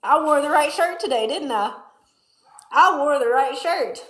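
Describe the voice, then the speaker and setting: Southern lady w a louisiana twang chatting on a farm livestream, bright kinda tense voice, echoey barn. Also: high-pitched, expressive, a little slow. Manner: chatty, folksy, drawling country twang. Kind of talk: casual livestream chat reading viewer comments. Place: barn during milking chores.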